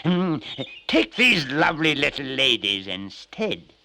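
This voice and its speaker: A man voicing a tiny, tough old dwarf who begs in a squeaky, wheedling way. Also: sing-song, slow pace, creaky, pushed and bright, slight background noise, full character voice. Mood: pleading.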